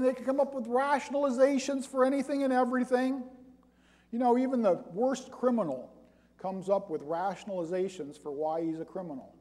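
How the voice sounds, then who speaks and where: A man preaching a sermon, reading scripture aloud and building to loud, emphatic points. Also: very high-pitched. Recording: long hall reverb.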